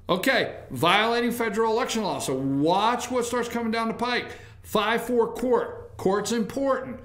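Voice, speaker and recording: A man's voice: very high-pitched, bright, forceful tone, reverberant. A man hosting a talk show, ranting through sarcastic political commentary.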